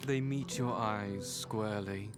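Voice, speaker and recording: A calm, unhurried game narrator, voiced by an actor who tells the story in the second person with even, descriptive phrasing. The delivery stays slow and steady. A game soundtrack sits clearly underneath. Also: medium pitch, natural voice. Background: game soundtrack music.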